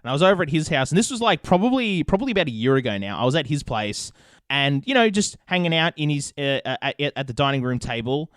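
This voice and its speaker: A man's voice: a little high, expressive, fast, fairly bright tone, no room sound, studio quality. A young Australian man hosting a podcast, telling a rambling story with plenty of swearing in casual chat. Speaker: podcast host.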